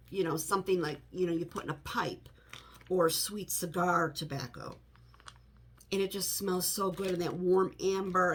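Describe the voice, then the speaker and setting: A woman's voice: fairly low pitch, slight background noise. A middle-aged woman chatting casually to the camera in her home office, rambling with many "you know" asides. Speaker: home fragrance vlogger.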